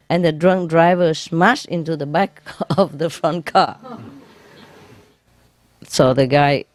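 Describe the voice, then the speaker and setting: A woman who is a spiritual teacher tells jokes to an audience in simple English, laughing at her own punchlines and then explaining them. Her voice sits low, with no echo.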